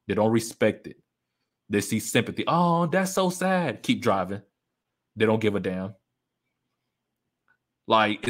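A man speaking candidly to his listeners about a painful breakup, emphatic and repeating his key points. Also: medium pitch. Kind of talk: personal storytelling to an audience.

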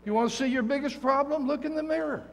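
An older man preaching a sermon with a notably high voice, emphatic and folksy, mixing stories and jokes with a firm call to his congregation. His voice rings out with a long reverb through the church sanctuary. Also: fast talker, fairly bright tone. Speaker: guest preacher.

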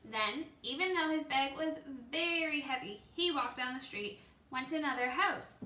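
A woman's voice: high-pitched, normal speed, bright, forceful tone, a little hiss or hum. A woman teacher reading a picture book aloud, storytelling with small slips and ums. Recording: echoey room.

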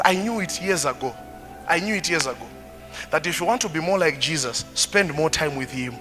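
A man preaching a sermon as pastor, switching between languages and moving between animated and quiet passages. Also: on the high side, brisk, long reverb tail, over music.

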